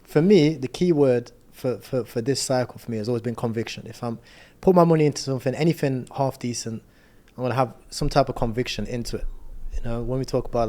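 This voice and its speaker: A man hosts a casual podcast, speaking quickly in a slangy way. His voice is mellow and warm, and he keeps chiming in with "yeah". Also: mid-range voice. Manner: rapid, slangy, affirms constantly with "yeah". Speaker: podcast host.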